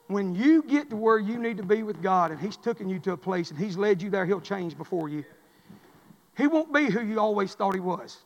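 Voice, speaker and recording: A man's voice: high-pitched, lively intonation, brisk, a bit bright. A man preacher, delivering an impassioned, repetitive sermon in a church. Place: church sanctuary. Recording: long hall reverb.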